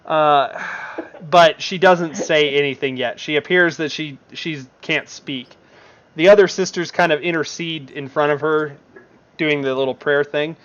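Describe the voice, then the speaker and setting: A man's voice: on the high side, unhurried, a bit bright, muffled recording. A man narrating as game master in a tabletop game, rambling with many fillers.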